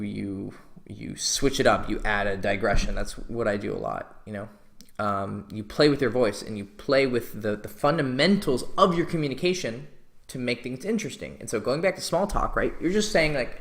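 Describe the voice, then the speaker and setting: A man's voice: on the low side, normal speed, gravelly, a bit bright. A man coaching on dating, talking passionately and swearing casually as he explains how to make small talk. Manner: passionate, swears casually, acts out sample pickup lines. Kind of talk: instructional talk to camera.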